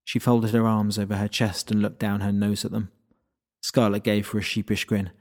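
A man narrating a fantasy audiobook in a lowish voice. He reads in an even, steady storytelling manner. The narration sounds scripted and controlled. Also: moderate pace.

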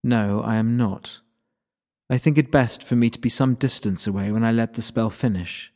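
A man voicing a stern female magician who speaks in a cool, measured and commanding way. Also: mid-range voice, darkish tone, lightly acted.

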